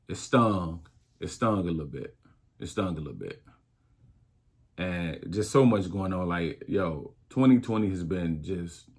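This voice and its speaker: A man's voice: fairly low pitch, breathy edge. A man hosting his own podcast, talking reflectively in a casual style, with many restarts. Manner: slow, reflective, drawn-out phrasing with many restarts. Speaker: podcast host. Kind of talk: casual solo podcast talk.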